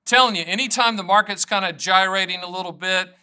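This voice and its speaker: A middle-aged man, an annuity agent, talking straight to camera in an energetic, joking way that wanders off on tangents. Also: high voice, brisk, clear, resonant tone. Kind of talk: casual direct-to-camera talk.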